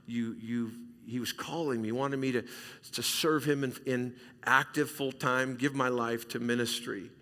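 A middle-aged male pastor from Southern California preaching a sermon, emphatic and repetitive, swinging between loud and hushed. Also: medium pitch. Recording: reverberant hall sound.

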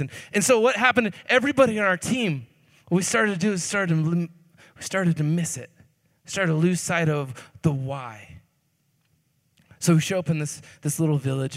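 A young man preaching a sermon through a funny story, animated and jokey, swinging between loud and hushed. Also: on the high side. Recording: long reverb of a hall.

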